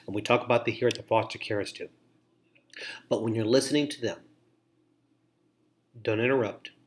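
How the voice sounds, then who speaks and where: Earnest man giving a webinar lesson. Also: fairly low pitch. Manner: earnest, measured advice with deliberate pauses and repeated phrases. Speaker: foster care educator, webinar presenter. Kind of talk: instructional webinar talk.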